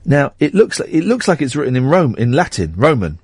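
A man hosting a late-night talk radio show, chatting in a wry, meandering way with a slightly husky voice. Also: mid-range voice, very animated, fairly quick, darkish tone, dry recording, clean studio sound. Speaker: radio host.

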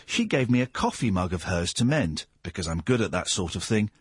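A man's voice: sits low, fairly quick, breathy edge, no echo, studio quality. A man hosting a late-night phone-in radio show with an English accent, reading listeners' news and joking with callers. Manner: playful, jokey, lively with callers. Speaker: radio host. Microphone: studio microphone.

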